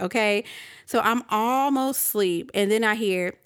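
Woman, podcast host, thirties, half-awake, animated storytelling, middle pitch, dry close sound. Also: moderate pace, no echo. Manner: animated storytelling, acting out her own reactions. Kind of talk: casual ranting monologue.

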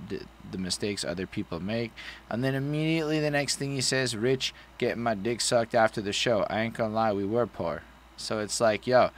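A man's voice: lowish voice, fairly bright tone, a little hiss or hum. A man co-hosting a casual album review, talking in a loose, profane, rambling way. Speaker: podcast co-host reviewing an album.

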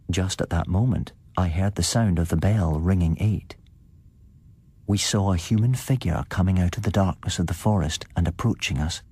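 A man giving a scripted, measured narration of a gothic tale. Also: deep voice, mellow, slightly rough, no room sound.

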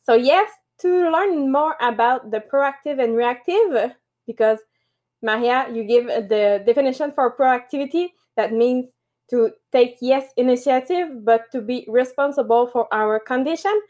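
A woman in her thirties with French as her first language, co-hosting a motivational podcast and explaining things at a steady pace. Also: high voice, unhurried, lo-fi sound. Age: 30s. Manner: steady, explaining, some fillers. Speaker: podcast co-host.

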